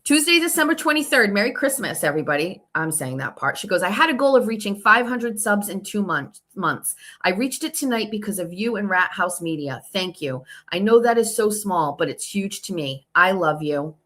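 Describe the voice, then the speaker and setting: A woman's voice: medium pitch, sing-song, moderate pace, hardly any pauses, bright, forceful tone. A woman hosting her own show, telling a long story in a casual, sarcastic and profane way while reading out text messages. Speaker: show host.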